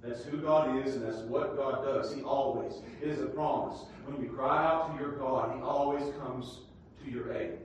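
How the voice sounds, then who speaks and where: A man preaching a sermon with great passion, dropping to a hush and then climbing to a shout. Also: medium pitch, steady tone, moderate pace. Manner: impassioned preaching that swings from hushed to shouting. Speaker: pastor. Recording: echoey hall, distant mic, faint hiss.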